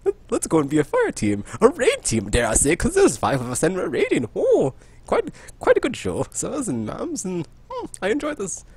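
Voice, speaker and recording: A man's voice: high voice, huge pitch swings, normal speed, darkish tone, breathy edge, no room sound, voice pushed up, exaggerated voice. A man putting on a put-on posh British accent to voice a pompous, cheerfully deluded male scientist who loves grinding for loot. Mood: smug cheerful. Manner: plummy, prim, chuckling.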